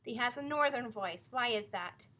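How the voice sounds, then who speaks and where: A woman's voice: medium pitch, moderate pace, fairly bright tone, slight background noise, natural voice. Wary Quaker mother, firm, formal old-fashioned speech, read by a woman in a storybook.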